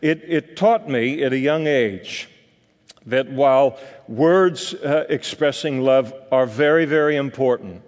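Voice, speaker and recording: An older man from California gives a sermon in a relaxed, folksy way. He wanders through his story and fills it with small pauses and asides. His voice sits at an ordinary pitch and carries a long reverb from the hall. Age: 60s. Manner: folksy, rambling storytelling with many fillers. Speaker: pastor.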